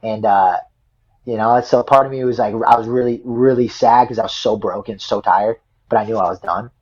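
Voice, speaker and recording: A man's voice: fairly low pitch, steady tone, normal speed, a little mellow. A young man, a wrestler guest, telling a story casually and rambling, with many fillers and repeated words. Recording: dull lo-fi audio.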